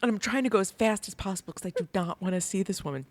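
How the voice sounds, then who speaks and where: Animated American woman telling a story. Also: medium pitch, racing, no room sound. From United States. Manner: animated, laughs through the story. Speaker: podcast co-host. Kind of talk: casual storytelling chat.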